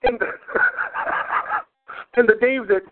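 A man's voice: extremely high pitch, wildly swooping pitch, drawn-out words, no room sound. A man telling profane family stories in casual chat, laughing often as he goes. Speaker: podcast host. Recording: phone-like narrow sound.

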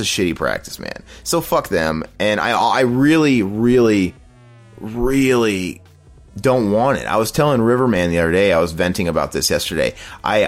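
A man's voice: low voice, a bit bright. Exasperated, profane man ranting. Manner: profane, exasperated storytelling, mocking quotes. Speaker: podcast host. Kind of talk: casual podcast rant.

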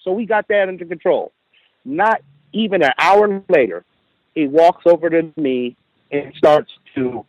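A man's voice: a little high, unhurried, no echo, rough recording. Man telling a story, lots of "you know". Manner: animated retelling with quoted dialogue, frequent "you know". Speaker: caller. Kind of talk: casual storytelling.

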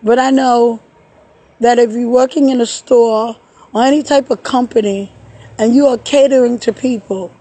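A woman speaks into a phone camera while sitting in a park, sad and shaken, her delivery halting with repeated words. Her voice sits a little high, with a husky, mellow tone. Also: fairly even intonation, poor audio. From New York. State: tearful. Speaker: vlogger. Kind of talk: emotional personal vlog. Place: outdoors in a park.

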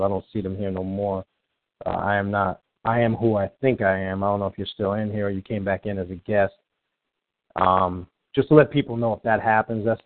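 A man's voice: fairly low pitch, no room sound. A man hosting a live call-in show in a casual, rambling way, often restarting as he tries to reach callers. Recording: tinny phone-line sound, dry.

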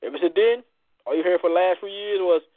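A man hosting a casual talk show, bantering loudly and playfully, preaching at listeners with plenty of cursing. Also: high-pitched, fast talker, no room sound. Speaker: poetry show host. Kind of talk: casual radio-style chat. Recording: dry, phone-like audio.

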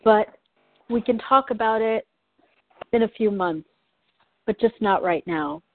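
A man in a coaching session, speaking softly and tenderly as he apologizes to his younger self. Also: high-pitched, no room sound, narrow, tinny audio. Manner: slow, soft-spoken, tender. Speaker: coaching client. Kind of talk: coaching session, addressing inner child.

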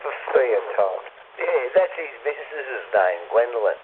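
A man's voice: medium pitch, sing-song, a little slow. A man with an Australian accent chatting over CB radio, rambling, swearing freely and laughing often. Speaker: CB radio caller. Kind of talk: casual banter over CB radio. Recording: tinny CB radio with hiss.

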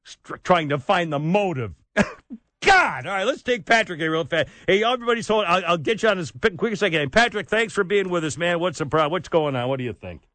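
An angry, sarcastic male talk radio host rants at a studio mic. His voice is high and sharp-edged, and the sound is dry and close. Faint music plays underneath. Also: lively intonation, fairly quick, dry recording.

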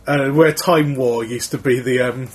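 A man's voice: mid-range voice, fairly even intonation, a little slow. A man co-hosting a podcast, telling rambling, wry anecdotes in casual chat. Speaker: podcast co-host.

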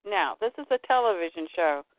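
A woman casually recapping comic book stories, animated as she acts out the scenes. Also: lowish voice, brisk, no echo. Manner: animated, retells scenes and quotes characters. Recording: tinny phone-like line, dry.

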